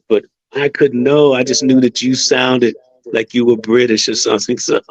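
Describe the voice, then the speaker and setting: A man's voice: medium pitch, steady tone, normal speed, poor audio. An American man, a musician guest on a radio show, talking in an easygoing, chatty way with many fillers. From United States. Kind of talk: casual radio interview.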